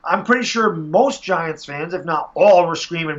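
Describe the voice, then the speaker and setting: High-voiced man, animated, venting about football, lo-fi sound. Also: moderate pace, hardly any pauses. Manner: frustrated, animated, acts out fans and coaches. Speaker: sports podcast host. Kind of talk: casual sports chat. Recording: dull lo-fi audio.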